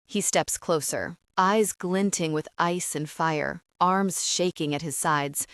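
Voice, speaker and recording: A woman's voice: fairly low pitch, fairly even intonation, takes it slowly, hardly any pauses, a bit bright, no room sound, clean studio sound. A woman narrating a first-person romance audiobook with emotional intensity.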